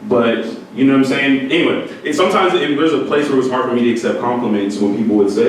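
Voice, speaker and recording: A man's voice: mid-range voice, fairly quick. Earnest man in an echoey hall. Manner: earnest, candid, breaks into laughter. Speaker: speaker addressing music students. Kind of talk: motivational talk. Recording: echoey hall, voice from far off, faint noise.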